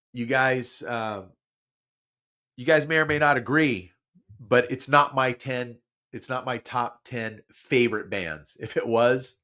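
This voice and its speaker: A man hosting a talk show, talking casually with lots of restarts and repeats while his nose is stuffed up. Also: medium pitch. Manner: animated, repeats himself, many restarts. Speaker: podcast host. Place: studio.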